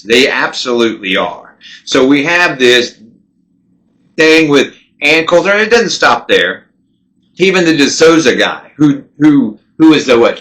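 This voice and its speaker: A man's voice: fairly high pitch, sharp tone. A man hosting a political commentary show, talking in a casual, indignant, conversational way with frequent restarts.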